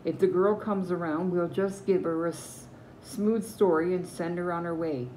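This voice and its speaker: A woman's voice: on the low side, fairly even intonation, normal speed, mellow, slight background noise, natural voice, poor audio. A woman reading as a scowling henchman. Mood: mocking. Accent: Newfoundland. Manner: scowling, mocking. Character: rough male thief henchman, scowling.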